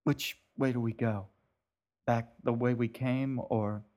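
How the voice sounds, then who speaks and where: A man's voice: medium pitch, steady tone, slow pace, darkish tone, natural voice. A man reading a polite, cautious boy. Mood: tentative. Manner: polite, tentative. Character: polite, cautious young brother.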